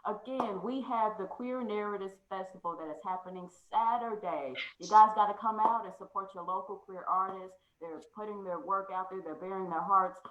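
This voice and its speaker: A woman hosting a casual chat, loose and joking, quick to laugh. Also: medium pitch, a bit bright, dull audio. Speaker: host. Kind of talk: casual video call chat. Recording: echoey room.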